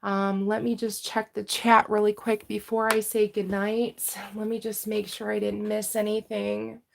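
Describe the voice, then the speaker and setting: A woman doing a tarot reading on a livestream, her voice heavily gravelly with vocal fry. She speaks in a flat, even tone, addressing her audience earnestly and intimately as a collective. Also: mid-range voice, unhurried, background noise. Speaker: tarot reader.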